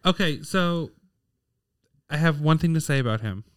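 A man's voice: a little high, lively intonation, moderate pace, clean tone, no room sound, studio quality. Joking male podcast co-host. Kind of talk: casual chat.

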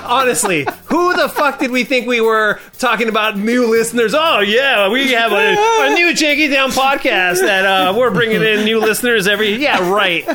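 A man's voice: extremely high pitch, lively intonation, moderate pace, few pauses, over music. Laughing, rambling podcast host man. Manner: laughing, swearing, rambling with restarts. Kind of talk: casual podcast chat.

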